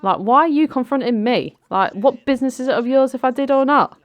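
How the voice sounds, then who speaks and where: A woman voicing an easily offended boyfriend who turns whiny and shrill under attack. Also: a little fast, no room sound, close to an everyday voice. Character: whiny indignant boyfriend, man.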